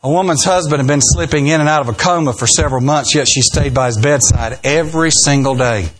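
Speaking briskly in a fairly high voice, this preacher fills his sermon with humor and down-home tales. He's playful and folksy, putting on voices whenever he quotes someone.

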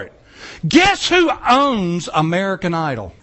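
A man preaching a sermon in an animated, joking way, acting out little quoted lines. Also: very high-pitched, unhurried. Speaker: pastor.

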